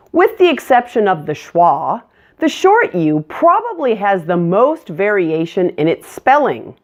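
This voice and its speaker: Slow, lively-voiced woman teaching pronunciation. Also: medium pitch. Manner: clear, deliberate modeling of words. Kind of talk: scripted pronunciation lesson.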